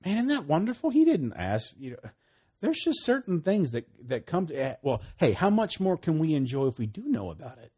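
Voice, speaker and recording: A husky-voiced man delivers a casual sermon in a warm, storytelling manner. His pitch leaps up and down with lively emphasis, and he repeats key phrases for weight. The tone is conversational rather than formal. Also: a little fast. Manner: folksy, animated storytelling with laughs and emphatic repeats. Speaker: preacher.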